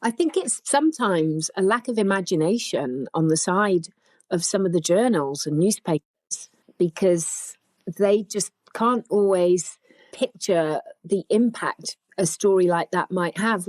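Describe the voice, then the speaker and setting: A woman's voice: medium pitch, animated, a little slow, darkish tone, no room sound. A woman speaking earnestly as a podcast guest and sharing her own experiences. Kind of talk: conversational chat.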